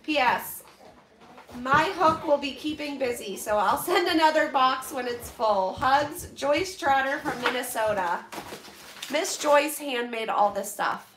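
A high-pitched, bright-voiced woman talks slowly to her viewers as she unpacks gifts, emotional and full of thanks. She sits some distance from the camera mic, in a room that echoes, with faint noise behind her. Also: animated. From Pennsylvania, US. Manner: effusive, emotional, gushing thanks. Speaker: vlogger opening donated boxes. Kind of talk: casual chat to viewers.

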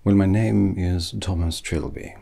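Whispered role-play: a man playing a fussy British milliner, low, slow, gravelly and very breathy. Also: steady tone, exaggerated voice. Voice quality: soft, breathy half-whisper. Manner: pompous, rambling, punning. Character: eccentric rambling male British hat maker.

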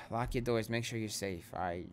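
A man's voice: fairly low pitch, unhurried, a little hiss or hum. Shaken young man venting to camera. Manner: rambling, shaken, earnest and informal. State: rattled. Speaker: gaming channel host. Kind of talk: casual direct-to-camera vent.

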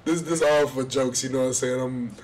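A man's voice: mid-range voice, fairly even intonation, fast talker, background noise. A young man hosting a casual street interview, talking loosely in slang and laughing often. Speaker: host asking strangers questions.

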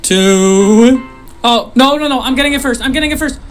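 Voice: medium pitch, expressive, a little slow, faint music behind. A gamer giving let's-play commentary on a horror game, jumpy and easily startled, with nervous laughs and sudden exclamations.

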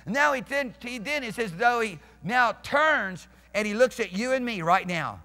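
High, bright-voiced preaching pastor. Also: male voice, lively intonation, moderate pace. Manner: emphatic, repeats and restarts, questions the congregation. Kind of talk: sermon. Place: church sanctuary. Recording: reverberant church hall.

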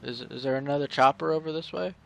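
A man's voice: a little high, fast talker, vocal fry, a bit bright. A young man casually commenting on a multiplayer game with friends, joking and crude. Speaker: gaming channel host.

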